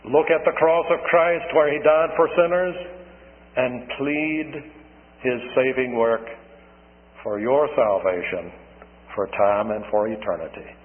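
A man preaching a sermon on the radio, earnest and deliberate, pressing hard on key words. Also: mid-range voice. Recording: narrow phone-like old radio broadcast with long reverb.

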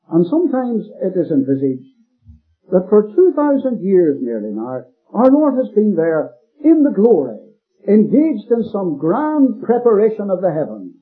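Male preacher, rough husky voice, swooping animated delivery, lo-fi phone-quality recording. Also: high-pitched. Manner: emphatic, repeats key phrases, rising stress. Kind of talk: expository sermon. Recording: phone-like lo-fi recording with faint music.

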